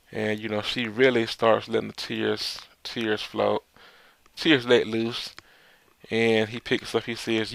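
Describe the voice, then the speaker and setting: Gravelly low-voiced man reading manga aloud. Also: level tone, moderate pace, a bit bright, no room sound. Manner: reads dialogue aloud with asides, repeats words, laughs. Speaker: manga reader and reviewer. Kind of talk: casual read-through and commentary.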